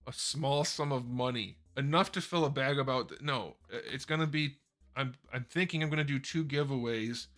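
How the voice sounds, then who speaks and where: A man's voice: mid-range voice, normal speed, a bit bright. A man hosting a casual live question-and-answer stream, talking into a desk microphone in a rambling, self-correcting way. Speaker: host answering viewer questions. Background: faint background music.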